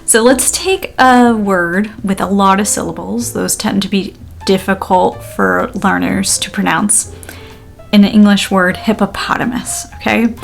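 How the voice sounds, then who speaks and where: A woman teacher walks through pronunciation at a slow, unhurried pace, stretching words out syllable by syllable. Her voice sits at an ordinary middle pitch, and her delivery is friendly and casual, with frequent light laughs. Faint music plays softly underneath. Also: vocal fry. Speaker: language teacher. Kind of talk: pronunciation lesson.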